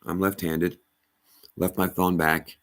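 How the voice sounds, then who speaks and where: Middle-aged man, very low voice, emphatic halting personal testimony. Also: flat delivery, fairly bright tone. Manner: halting, emphatic, with many restarts. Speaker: storyteller addressing a rabbi.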